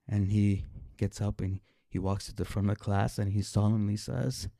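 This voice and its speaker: Stammering male storyteller, gravelly voice. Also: lowish voice, normal speed, hardly any pauses, dry recording, studio quality. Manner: stammering repeats, animated and emotional. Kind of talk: personal story told live on stage.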